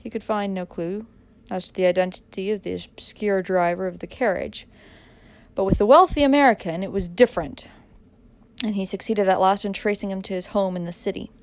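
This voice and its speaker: In a mid-range voice, a woman narrates a dramatic audiobook at a measured pace, pressing harder when the tension rises.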